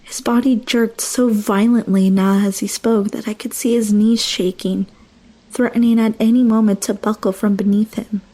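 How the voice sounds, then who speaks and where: A woman's voice: mid-range voice, steady tone, moderate pace, dark tone. A young woman narrating a first-person horror story with dramatic, emotional delivery.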